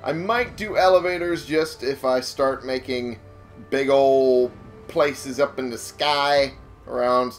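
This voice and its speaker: A man's voice: mid-range voice, slow. A young man giving casual, rambling commentary while playing a video game, swearing and laughing often. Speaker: let's-play gamer. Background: game music.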